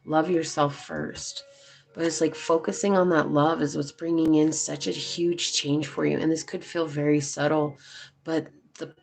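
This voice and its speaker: Chatty tarot reader w a gravelly voice, loose filler-y talk, soft music behind. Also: medium pitch. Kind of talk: casual spoken tarot reading to viewers.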